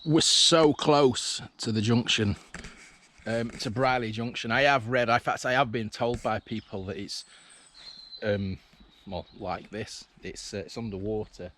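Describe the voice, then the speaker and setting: In a lowish, slightly bright voice and at a measured pace, a man narrates a vlog while strolling an old railway route outside. He talks casually, thinks out loud, and restarts lines; faint outdoor sounds can be heard.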